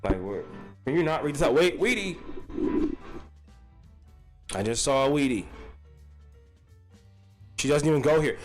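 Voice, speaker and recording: A man's voice: fairly high pitch, sing-song, moderate pace, pauses often, faint music behind. Profane man hosting a livestream. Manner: profane, rambling, greets chatters by name. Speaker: livestream host. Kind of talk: casual livestream chat.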